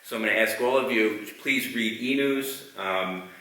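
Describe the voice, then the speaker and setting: A man's voice: fairly low pitch, moderate pace, a bit bright. A man speaking formally to delegates, urging them to stay engaged and act. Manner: urging the audience to take action. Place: large meeting hall. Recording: echoey hall, distant mic.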